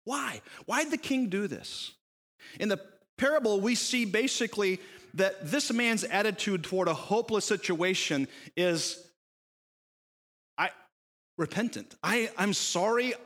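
A little slow and high-voiced, this pastor preaches a parable in a sermon, acting out the characters' lines in their voices. His rhetorical questions echo through the long reverb of a hall.

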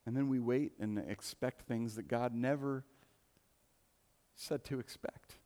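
A male preacher with a mid-pitched voice who talks through his sermon casually, asking the listeners questions as he goes. His voice carries through a large church with a long reverb tail. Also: steady tone, measured pace, mellow. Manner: conversational, rhetorical questions, restarts.

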